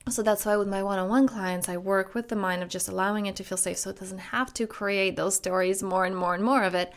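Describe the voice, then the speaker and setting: A woman self-growth coach talking earnestly in a flowing podcast monologue, with repetitive phrasing and a gently guided breathing exercise. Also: medium pitch.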